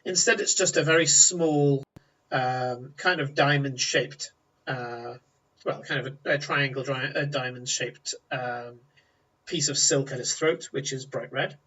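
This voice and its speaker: A man's voice: medium pitch, steady tone, a little slow, sharp tone. A man narrating as game master, describing scenes at length with many ums and uhs. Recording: distant lo-fi mic.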